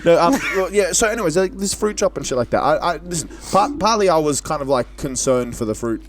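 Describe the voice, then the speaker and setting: Animated man ranting casually. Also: a little high, fairly quick, a little hiss or hum. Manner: animated, swearing, playful rants. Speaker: podcast co-host. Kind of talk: casual chat.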